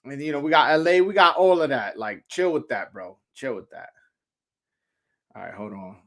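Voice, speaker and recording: A man's voice: mid-range voice, moderate pace. A man hosting a casual boxing chat, brash and profane as he tells stories. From Brooklyn, New York. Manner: brash, loud, profane storytelling. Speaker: podcast host.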